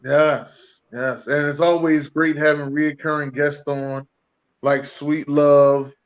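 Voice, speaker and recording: A man in casual podcast chat, easygoing and fond of repeating himself. His voice sits a bit high and comes through on slightly dull, lo-fi audio. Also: little pitch movement, slow. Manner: laid-back, easygoing, repeats phrases. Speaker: podcast co-host.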